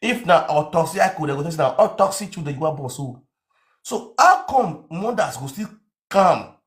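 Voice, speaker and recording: A man with a Nigerian accent giving an animated comic rant, swinging into shouts and mock accents. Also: a little high, moderate pace. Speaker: comedian.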